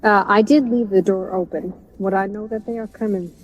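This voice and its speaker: A woman's voice: medium pitch, steady tone, a little fast, muffled recording, a little hiss or hum. A woman playing a tabletop game, speaking in a formal, dry manner. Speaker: player.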